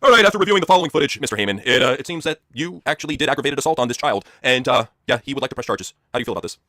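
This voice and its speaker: A man's voice: mid-range voice, expressive, bright, forceful tone, dry recording, studio quality. A young man hosting an improv comedy stream, reading viewer prompts aloud and laughing. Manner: rapid, profane, laughing. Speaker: host.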